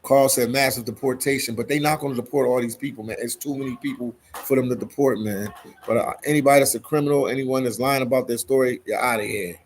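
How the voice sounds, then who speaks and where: On a casual live stream, a Philadelphia host reads viewer comments in a relaxed manner, frequently ending sentences with "man." He talks fast in a mid-range voice with fairly even intonation, and there's slight background noise.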